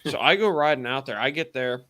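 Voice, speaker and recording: A man's voice: mid-range voice, expressive, fairly quick, a bit bright. A man co-hosting a live stream, casually telling a funny job story, profane and laid-back, acting out what people said. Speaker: co-host and tradesman.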